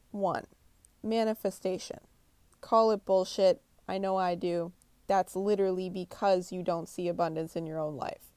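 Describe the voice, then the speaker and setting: A woman's voice: medium pitch, mellow, no room sound. Brief: young woman, brash no-nonsense motivator, heavy swearing, dry close sound. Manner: blunt, swears constantly, pushy pep talk. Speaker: motivational speaker. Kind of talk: profane motivational monologue.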